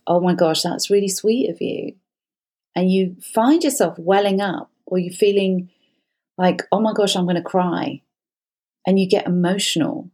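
A woman with a fairly low voice speaks as a therapist offering advice. She is earnest and conversational, and she stresses her points with long runs of repeated phrases. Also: a little mellow. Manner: emphatic, builds long repeated lists. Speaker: therapist giving advice as a guest.

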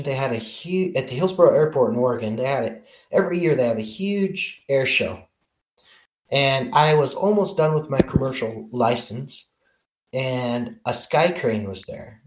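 A man being interviewed as a helicopter pilot, telling his career story in a lively way and often restarting his sentences. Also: medium pitch. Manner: animated storyteller, many restarts. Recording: roomy echo.

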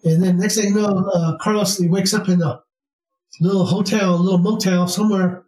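A man's voice: high voice, steady tone, a little fast, darkish tone, far from the mic, soft background music. A man telling a spiritual story in a rambling casual way, with many restarts and fillers. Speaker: spiritual teacher. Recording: roomy sound, from off mic.

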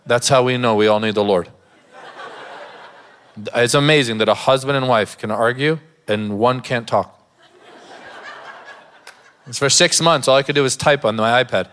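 A man's voice: mid-range voice, moderate pace, pauses often, fairly bright tone, clean tone. A man, a pastor, preaching a sermon in a church, mixing scripture with a humorous personal story and laughing often.

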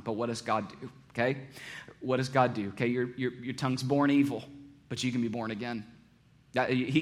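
A man preaching a sermon to a congregation, joking one moment and hushed and earnest the next. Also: mid-range voice, fairly quick. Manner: animated, joking, with big swings between loud and hushed. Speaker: pastor.

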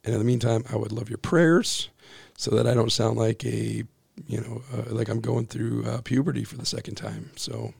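A man in his forties with a hoarse, husky voice from overuse, co-hosting a casual church podcast in a small office with a joking, self-deprecating manner. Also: medium pitch, lively intonation, moderate pace, a little mellow, no echo. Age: 40s. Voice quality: gravelly, husky. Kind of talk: casual chat. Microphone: boom-arm studio mic.

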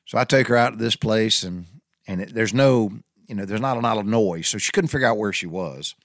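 Low-voiced man spinning a yarn. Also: no echo, studio quality. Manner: folksy, drawn-out storytelling. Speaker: storyteller. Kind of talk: casual anecdote told to viewers.

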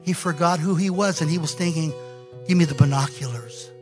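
A male pastor preaching a sermon, telling a scripture story in an animated way and acting out the quoted lines. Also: a little high, a little fast, faint music behind.

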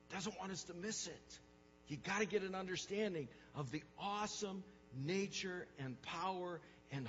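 A male pastor preaching a sermon, emphatic, repeating words for stress and swinging from hushed to loud. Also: fairly high pitch, in a large hall, lo-fi sound, a little hiss or hum.

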